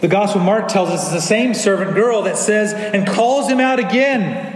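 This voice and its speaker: High-voiced man preaching in an echoey hall. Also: moderate pace. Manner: earnest, acts out quoted lines. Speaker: pastor. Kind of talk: sermon. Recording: echoey hall, faint ambience.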